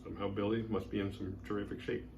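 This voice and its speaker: A man with a fairly low voice recaps a horror film as a show host. He rambles casually and leans on filler words. A faint room hum sits behind him. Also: flat delivery, fast, a little mellow. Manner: rambling, heavy use of "like" fillers. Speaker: horror movie review host.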